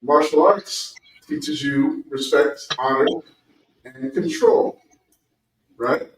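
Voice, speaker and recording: A man in casual chat, explaining his thoughts calmly with examples. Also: a little high, slow, vocal fry, recorded from a distance, slight background noise. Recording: echoey room, away from the mic.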